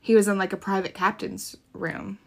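A woman's voice: medium pitch, steady tone, moderate pace, vocal fry. A young woman from Florida co-hosting a true crime podcast, chatting casually in a blunt, profane way and often laughing. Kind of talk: casual chat.

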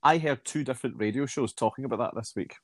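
A man's voice: medium pitch, fast, no echo, clean studio sound. A middle-aged man co-hosting a podcast from home, wry and jokey. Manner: wry, jokey, does silly impressions. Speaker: podcast co-host. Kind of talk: casual chat.

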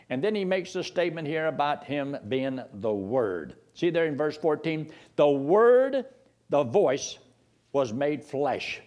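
Male preacher, high and very lively voice, sermon delivery with rhetorical questions and scripture reading. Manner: rises and drops sharply for emphasis, reads scripture aloud, asks the listeners questions.

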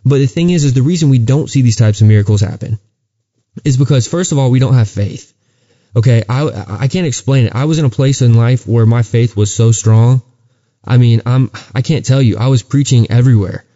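Earnest man telling a faith story, dark voice. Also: medium pitch, fairly quick, lo-fi sound. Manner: earnest storytelling with many restarts. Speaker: podcast co-host. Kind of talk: casual chat and testimony.

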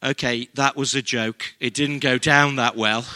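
A man's voice: medium pitch, fairly even intonation, unhurried, bright, forceful tone. An older man with an English accent, preaching a sermon as pastor in an earnest, conversational way.

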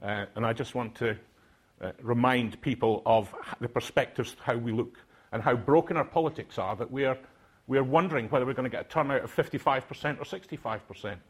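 A man's voice: medium pitch, a little fast, breathy edge. An older man from Aberdeen with a Scottish accent, speaking to a conference audience in a reflective, hesitant way with many fillers. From Aberdeen, Scotland.

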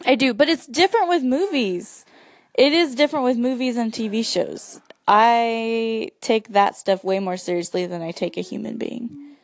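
A woman chatting casually with her sister, talking quickly and filling gaps with "like" and "you know". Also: a little high. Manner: chatty, fast, lots of fillers. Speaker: sibling in casual chat. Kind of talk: casual chat.

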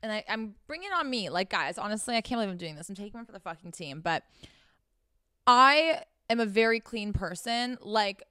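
Young woman ranting blunt and sweary straight at her viewers, smooth clear voice, dry close sound. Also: medium pitch, animated, a little fast, bright, forceful tone, no echo. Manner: blunt and profane, talks straight to the audience. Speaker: host. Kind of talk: frank casual monologue.

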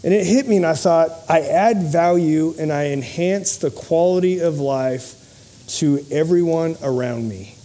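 A man's voice: fairly high pitch, unhurried, warm tone. A man giving a motivational speech to a live audience, telling personal stories in an earnest, humorous way. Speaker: motivational speaker and podcast host.

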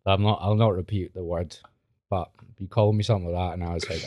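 A man's voice: deep voice, steady tone, fast, darkish tone, no room sound, highs cut off. A man hosting a podcast, chatting casually and telling blunt, self-mocking stories. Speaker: podcast host. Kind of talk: casual chat.

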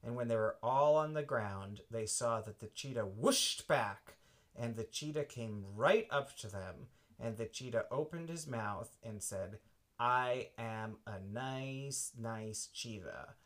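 A man improvising a bedtime story for a child, gentle and unhurried, making it up as he goes. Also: mid-range voice, lively intonation. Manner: slow, gentle, makes it up as he goes. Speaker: parent telling a bedtime story.

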